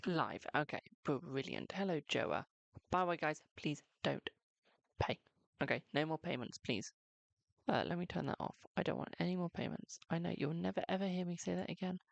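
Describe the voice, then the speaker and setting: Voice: medium pitch, animated, normal speed, gravelly, no echo, dull audio. A live-stream host doing tarot readings in a chatty, reassuring way, calling viewers "my darling" and leaning on "okay" between lines. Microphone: close microphone.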